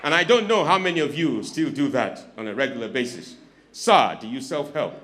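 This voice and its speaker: A very animated male comedian with a fairly high pitch works a club crowd at a brisk clip, teasing them. He lurches between whispered asides and sudden shouts into a handheld mic, and there's a little hiss or hum in the recording.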